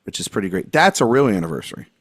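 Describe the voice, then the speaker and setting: A man's voice: sits low, very animated, rapid-fire, dry recording, clean studio sound. A man hosting a podcast in casual, joking chat, rambling and laughing often. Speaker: podcast host.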